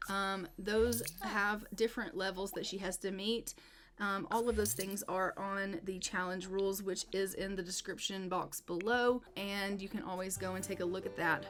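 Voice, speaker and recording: A woman's voice: mid-range voice, steady tone, moderate pace, a bit bright. Upbeat woman narrating her gameplay. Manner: upbeat, repetitive "go ahead" phrasing. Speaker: gameplay video creator.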